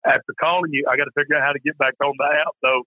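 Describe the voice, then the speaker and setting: Upbeat pastor calling in on a phone line. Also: male voice, on the high side, steady tone, racing, no room sound. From Mississippi. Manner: upbeat and enthusiastic, with some hesitations. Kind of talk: phoned-in call-in conversation.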